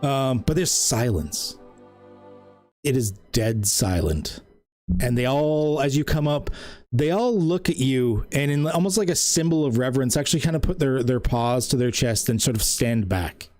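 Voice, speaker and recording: A man's voice: medium pitch, lively intonation, moderate pace, darkish tone, dry recording, faint music behind. A man from Canada narrating a tabletop game as game master, in loose, filler-heavy speech.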